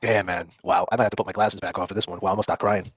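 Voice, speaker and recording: A man hosting a casual true-crime talk show, talking rapidly and acting out the people he quotes. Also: sits low, slightly rough, no room sound. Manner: rapid, animated, acts out quoted people in put-on voices. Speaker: podcast host. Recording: dull, dry lo-fi stream audio.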